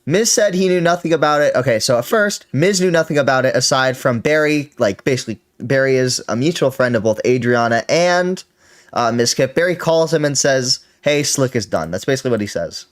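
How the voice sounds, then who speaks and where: A man's voice: mid-range voice, a little fast. A man hosting a reaction stream, giving casual, profane commentary that rambles and corrects itself.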